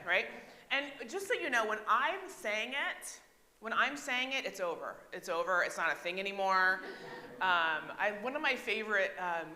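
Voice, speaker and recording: An American woman pastor with a lowish, sharp voice preaches a conversational sermon in a church sanctuary, chatting with the congregation, asking them questions, and often checking in with "right?". The hall gives the recording a noticeable echo.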